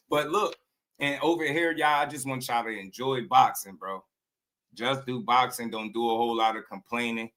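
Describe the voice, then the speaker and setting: Bright-voiced man riffing on boxing. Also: mid-range voice, moderate pace. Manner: animated, slangy, laughs often. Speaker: boxing channel host. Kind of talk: casual boxing commentary.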